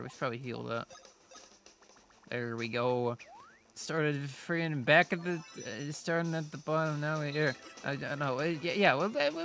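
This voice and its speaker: Lively, bright-voiced man playing a game. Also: a little high. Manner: rambling, self-deprecating, reacts aloud to the game. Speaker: let's play host. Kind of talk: casual gameplay commentary.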